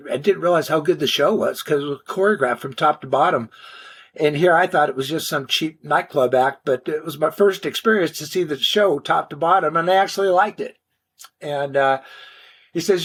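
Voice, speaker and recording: An older man spins his stories in a loose, slangy way, often stumbling and restarting his sentences. His voice sits a little high for a man. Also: moderate pace, breathy edge. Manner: animated, slangy, frequent restarts. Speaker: interview guest. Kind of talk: casual storytelling interview.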